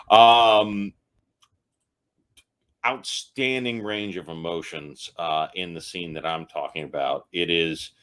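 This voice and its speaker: Tipsy man rambling through a ranking, slow. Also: deep voice, bright, forceful tone. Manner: rambling, loose and self-mocking. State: tipsy from drinking. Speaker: host ranking TV episodes. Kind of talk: casual comedic ranking monologue.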